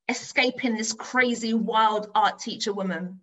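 A middle-aged woman from north-west London, a teacher, giving a lively storytelling talk. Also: medium pitch, moderate pace, poor audio. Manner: animated storyteller, acts out her own excited voice.

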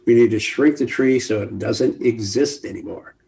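An older man speaking as a guest expert on an online panel call, emphatic and lively, often acting out quoted voices. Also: on the low side, moderate pace, vocal fry. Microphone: video call.

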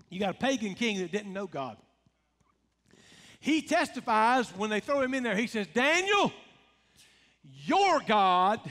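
A man with a Southern American accent preaching a sermon as pastor, often rising to shouts and stretching out his lines. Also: sits high. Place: church sanctuary. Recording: long church hall reverb.

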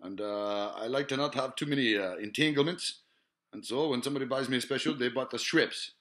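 In a brisk, fairly bright mid-range voice, a man delivers a meandering monologue laced with profanity. Filler sounds and hesitations abound as he muses, digresses, and asks questions he doesn't expect answered.

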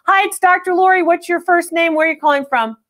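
A woman hosting a live call-in appraisal stream, talking in a brisk, chatty, direct way. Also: extremely high pitch, fairly bright tone. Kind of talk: unscripted live appraisal chat.

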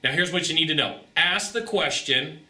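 A man coaching on sales in an animated, joking way, often jumping into high, acted-out voices. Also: moderate pace, echoey room. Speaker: sales trainer. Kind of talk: energetic motivational sales coaching monologue.

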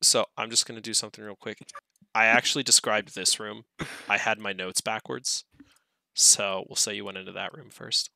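A man's voice: fairly low pitch, flat delivery, normal speed, creaky, pushed and bright, no echo. A man narrating a tabletop game as game master, laid-back and swearing now and then.

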